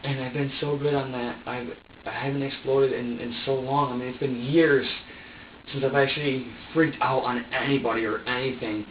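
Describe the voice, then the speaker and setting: A man's voice: medium pitch, fairly even intonation, normal speed. A young man in a police interrogation room pours out an agitated, profane confession, stumbling over restarts as he goes. He sits away from the microphone, so his voice reaches it distant and roomy. The recording sounds dull and muffled, with a faint hum underneath. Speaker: suspect being questioned by police.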